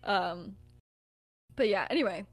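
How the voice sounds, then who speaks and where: A woman's voice: medium pitch, animated, unhurried. A young woman co-hosting a podcast, casually telling a story with lots of filler words and laughter. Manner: chatty, filler-heavy with frequent "like", laughs often.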